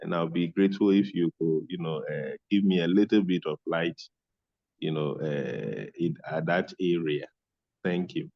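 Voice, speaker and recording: A man's voice: deep voice, moderate pace, vocal fry, dry recording, muffled recording. A man calling in to an online meeting, asking a polite, rambling question full of fillers.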